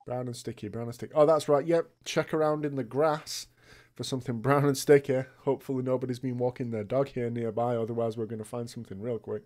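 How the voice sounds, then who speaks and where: A man's voice: medium pitch, steady tone, quick pace, a little mellow. A man hosting a let's play, commenting on a video game with frequent laughs, swearing and joking asides. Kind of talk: gameplay commentary.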